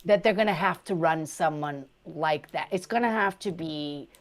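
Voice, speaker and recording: A woman's voice: low voice, moderate pace. A woman hosting a livestream, chatting casually about politics in a talkative, digressive way that often trails off mid-thought. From United States. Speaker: livestream host.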